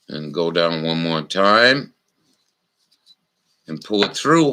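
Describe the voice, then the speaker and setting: A man hosting a casual livestream, showing knots slowly and cracking crude jokes with viewers in the chat. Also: low-pitched, sing-song, sharp tone, low-quality recording. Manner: salty, crude humor with frequent swearing; slow, instructional, talking to chat viewers. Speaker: livestream host.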